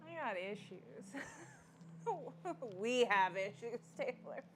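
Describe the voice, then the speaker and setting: A woman's voice: on the high side, expressive, slow pace, background noise. A young adult woman hosting a casual livestream, chatting with viewers and reading their comments aloud. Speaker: livestream host.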